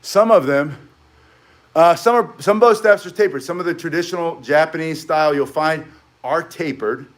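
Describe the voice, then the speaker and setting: A man's voice: a little high, normal speed. Chatty, rambling male martial arts instructor. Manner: rambling, chatty, goes off on tangents. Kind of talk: casual live tutorial, chatting with viewers.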